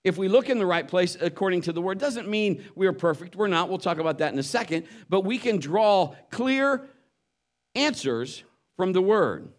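A man's voice: high voice, expressive, normal speed. A man preaching a sermon, telling a story and acting out the voices of the people in it. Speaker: pastor.

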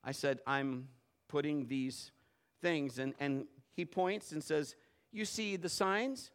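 A middle-aged man preaching a sermon as a pastor, telling a story and swinging from low murmurs to loud outbursts. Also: slow, clear, resonant tone.

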